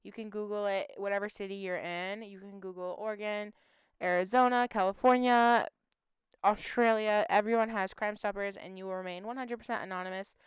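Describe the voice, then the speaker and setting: A woman's voice: medium pitch, steady tone, fairly quick, clean tone, no room sound, clean studio sound. A woman hosting a missing-persons channel, speaking in a heartfelt, emotional way as she pleads with viewers for help. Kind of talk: earnest appeal to viewers.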